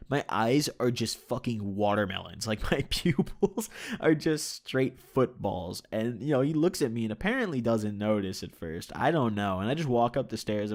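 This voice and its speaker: A young man casually telling a personal story, laid-back, swearing freely and laughing now and then, with lots of "like" and "you know". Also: on the low side. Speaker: storyteller recounting his own experience.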